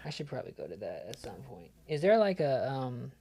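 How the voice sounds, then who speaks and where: A woman hosting a casual interview chat, playful and teasing, firing off quick questions. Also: extremely low pitch, very animated, dark tone, slightly rough. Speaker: podcast host.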